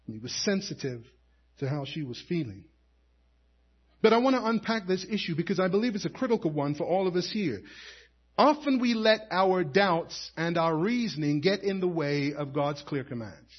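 A man's voice: a little high, animated, moderate pace, breathy edge, muffled recording. A man preaching a sermon as pastor, building emphasis and calling to the congregation for an amen.

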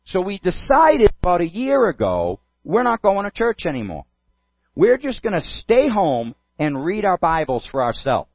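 A preacher doing an eager husband who talks in an earnest, confiding way. The voice sits a little high for a man. The sound is dull and dry. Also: huge pitch swings, normal speed, no room sound, heavily acted.

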